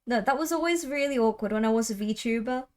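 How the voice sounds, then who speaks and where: A young woman of Thai heritage chatting casually on a livestream, talkative and quick to laugh. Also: fairly high pitch. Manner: chatty, laughs often, trails off. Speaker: streamer.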